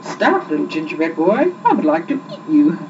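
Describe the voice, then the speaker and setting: Woman doing a slow hungry storybook cow. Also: sits low, big pitch swings. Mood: coaxing. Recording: muffled distant recording with loud background hiss.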